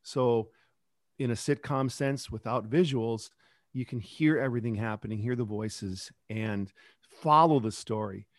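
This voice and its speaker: A middle-aged man talks reflectively as an interview guest about his kids podcast. He rambles and restarts now and then, at an ordinary pitch. The sound is dry and close. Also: a little slow, dry recording. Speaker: kids podcast creator and teacher. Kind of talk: casual interview talk.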